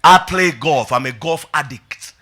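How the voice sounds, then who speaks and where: A male pastor with a fairly high voice preaches energetically in a church, often shouting and prompting the congregation to repeat his lines. He takes an unhurried pace, and faint music plays in the background.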